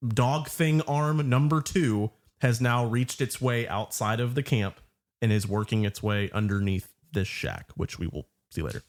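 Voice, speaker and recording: A man's voice: medium pitch, measured pace. A man guest on a film podcast, casually laying out his theories and adding details about scenes. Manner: lays out theories, adds details.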